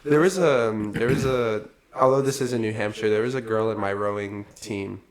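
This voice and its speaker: A man's voice: on the low side, steady tone, normal speed. A young man co-hosting a podcast in casual chat, rambling with lots of fillers and laughing often. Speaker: podcast co-host.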